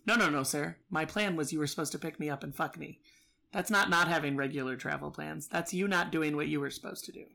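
A woman's voice: low-pitched, fast, gravelly, bright, forceful tone. A woman telling a story in casual chat, profane and exasperated, acting out both sides.

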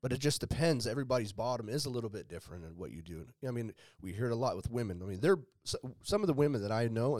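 A man's voice: medium pitch, a little mellow, dry recording, clean studio sound. A man hosting a podcast, chatting casually in a blunt, heavily profane way. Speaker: podcast host. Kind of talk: casual chat.

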